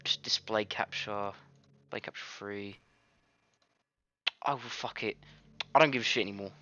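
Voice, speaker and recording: A man's voice: on the low side, normal speed, pushed and bright, highs cut off. A man recording casual game commentary at his home studio, rambling, swearing and easily frustrated. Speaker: gaming video creator. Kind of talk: casual let's-play commentary.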